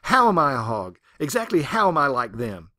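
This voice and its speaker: A man's voice: medium pitch, fairly quick, no room sound, studio quality. A man doing a furious ranting farm woman. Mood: indignant. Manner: ranting and shouting at God. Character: furious self-righteous Southern farm woman.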